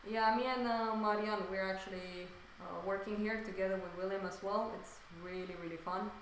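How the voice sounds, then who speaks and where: A woman chats while she paints, excitable and tripping over her words. Her voice rings around a very echoey room. A faint hiss sits under it. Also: mid-range voice, moderate pace. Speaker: streamer painting on stream. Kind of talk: casual chat while painting.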